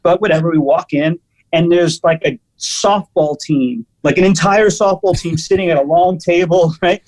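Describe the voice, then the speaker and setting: A man, a guest musician, chatting and telling stories in an animated, casual way. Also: fairly high pitch, moderate pace, poor audio. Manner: animated, lots of fillers and restarts. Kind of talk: casual storytelling chat.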